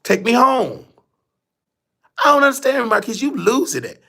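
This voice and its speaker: A man's voice: sing-song, moderate pace, gravelly, sharp tone, heavily acted. A man voicing a confused elderly grandmother who insists and scolds. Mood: confused insistent. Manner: stubborn, scolding, high-pitched.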